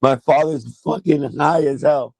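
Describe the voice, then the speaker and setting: A man's voice: a little high, fairly even intonation, measured pace, gravelly, no room sound. A man from New York hosting a casual livestream from a chair at home, telling a story in a loose, profane way and laughing as he goes. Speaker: sneaker livestream host.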